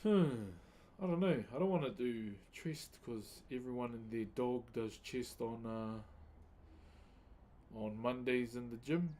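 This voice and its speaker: Here a laid-back New Zealand man talks casually to his stream audience as he carves, welcoming people by name in relaxed slang. The voice is mid-range and the delivery a little slow.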